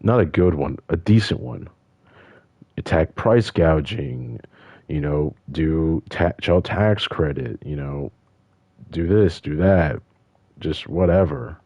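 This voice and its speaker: Deep-voiced man ranting profanely. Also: expressive, takes it slowly, warm tone, no echo. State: upset. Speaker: vlogger. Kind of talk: angry casual rant.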